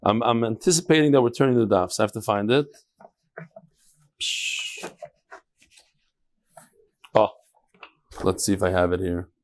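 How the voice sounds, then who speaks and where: A man's voice: lowish voice, unhurried, pauses often. A man teaching a casual daily Talmud class to a live group, chanting the Aramaic text and explaining it in chatty English while joking with his students. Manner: jokes and bickers with students. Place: room with a live study group.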